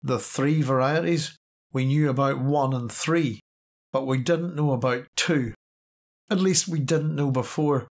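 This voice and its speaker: A man's voice: mid-range voice, a little slow. A man voicing a tense, paranoid male soldier giving clipped, urgent orders. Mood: grim.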